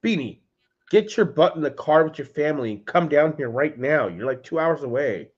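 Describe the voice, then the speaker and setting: A man with a higher, slightly rough voice speaks expressively at normal speed while running a laid-back home livestream. He talks loosely with chat, calling people by name and saying "dude," over slightly dull lo-fi audio.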